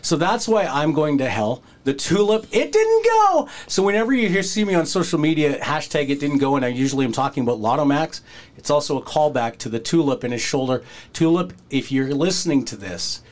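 Male podcast host, mid-pitch, casual storyteller who acts out the quotes. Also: a little fast. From Canada. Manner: animated, acts out quoted voices, breaks into laughter.

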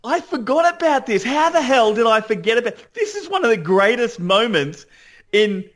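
A man co-hosting a podcast, enthusiastic and halting, restarting his sentences. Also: very high voice, sing-song. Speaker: podcast co-host. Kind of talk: casual recap chat.

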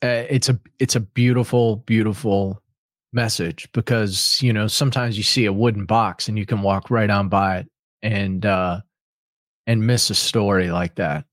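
A man hosting a podcast, his voice on the low side and recorded dry with no room sound. He chats casually, backing up his guest with short affirmations. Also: steady tone, normal speed, dry recording. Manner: supportive, warm affirmations. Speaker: podcast host. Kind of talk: casual interview chat.

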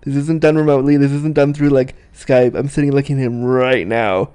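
A man hosting a casual podcast interview at home, chatty and excitable, often laughing, speaking into a desk mic. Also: mid-range voice, a little fast, clear, resonant tone. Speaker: podcast host. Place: small apartment room. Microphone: desk mic, guest sharing it.

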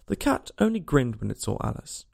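A man narrating a storybook aloud in an expressive, lilting manner. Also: mid-range voice, a little fast, vocal fry.

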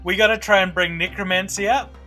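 A man playing a tabletop game, giggly and excitable in casual chat. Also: high-pitched, a little fast, faint music behind. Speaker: player.

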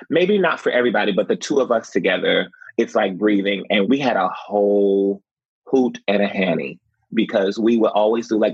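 Male actor guest, husky low voice, animated storyteller; dry, slightly muffled recording. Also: no echo. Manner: expressive, laughs often, acts out quotes.

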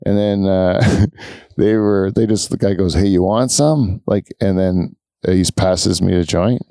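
A male podcast host telling stories in a loose, rambling way, full of fillers and laughs. His voice is low, mellow and smooth. The sound is dry and close. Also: flat delivery, unhurried, no room sound. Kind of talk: casual storytelling chat.

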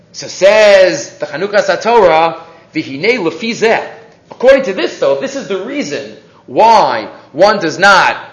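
A man giving a lively, questioning Torah lesson, dotted with Hebrew terms. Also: high voice. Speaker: Torah teacher. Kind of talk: weekly Torah portion class. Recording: echoey, dull lo-fi room recording.

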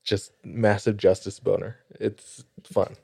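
A podcast co-host, a man, throws in jokes and wry asides while his friend talks. His voice sits low, with a gravelly edge, and the sound is dry. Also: flat delivery, slow pace, darkish tone, dry recording. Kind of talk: casual banter.

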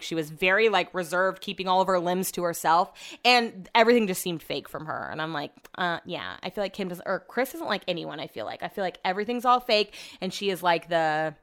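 A young woman talks in a loose, chatty rant. Her pitch leaps up and drops low as she gets worked up. She swears freely and tells stories at a quick clip. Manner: animated, ranting, swears freely. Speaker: podcast host. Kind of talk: casual chat.

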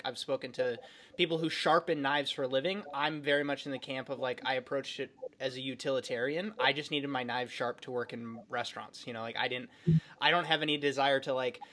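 A man's voice: medium pitch, bright, forceful tone. A man hosting a podcast in casual chat, rambling and filling his talk with "like". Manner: rambling, heavy use of "like". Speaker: podcast host.

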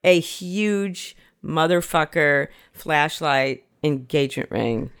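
A woman telling a comic story in casual chat, animated and salty, acting out the lines she quotes. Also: low-pitched, slow pace, clear, resonant tone. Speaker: guest storyteller.

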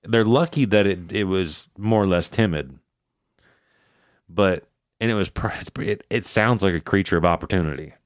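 A man with a very low, smooth voice retells eerie stories in a loose, profane way. His voice is recorded dry and close. The delivery is relaxed and conversational. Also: normal speed, no echo. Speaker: podcast host. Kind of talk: casual storytelling chat.

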